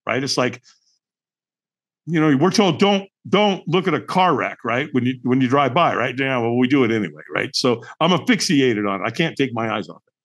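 A man's voice: mid-range voice, fairly bright tone. A middle-aged man, a podcast guest, telling a personal story in an emphatic, dramatic way, full of rhetorical questions. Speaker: podcast guest, firewalk instructor.

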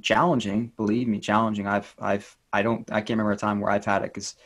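Interview guest, man, coach type, lowish voice, earnest and encouraging. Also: flat delivery, quick pace. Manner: earnest, gentle and encouraging, with repetition for emphasis. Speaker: inner child life coach. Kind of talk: interview guest, reflective talk.

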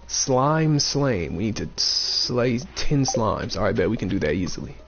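A man's voice: fairly low pitch, sing-song, measured pace, slight background noise. A man giving casual, playful let's-play commentary, thinking aloud and repeating himself, with a dull lo-fi mic and faint game music. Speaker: gaming streamer.

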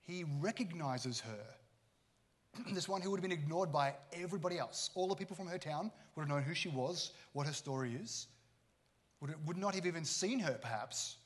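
A man's voice: a little high, expressive, normal speed. A man, a pastor giving a conversational sermon and acting out the people in his stories. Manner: conversational, acts out quoted characters.

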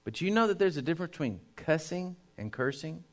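A man, a pastor, preaching a sermon to his congregation. He speaks emphatically, dropping to a hush and then rising loud, and addresses the listeners directly. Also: fairly high pitch, expressive, fairly quick. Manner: emphatic preaching, swinging between hushed and loud.

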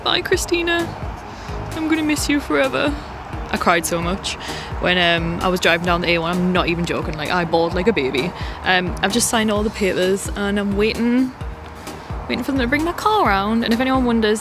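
A woman's voice: medium pitch, brisk, music in the background. Chatty woman vlogging to camera. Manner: chatty, rambling, many fillers and restarts. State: slightly losing her voice. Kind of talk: casual chat to camera.

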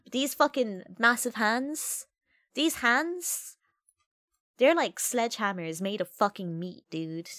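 A woman's voice: on the high side, slow pace, a bit bright, no echo, studio quality. A woman streaming a video game, sniffly with a cold, swearing, laughing and making mock threats at the characters. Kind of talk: live game stream chat.

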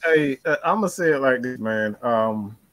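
A man's voice: medium pitch, lively intonation, unhurried, a bit bright, no echo. A man co-hosting a sports talk show, ranting bluntly and with plenty of profanity. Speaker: podcast co-host.

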